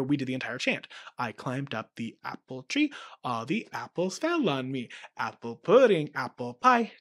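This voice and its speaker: A man who teaches music, hosting a podcast and acting out classroom stories and chants with playful voices. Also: on the high side. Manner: animated, acts out kid voices and chants. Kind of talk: teaching talk with acted-out story examples.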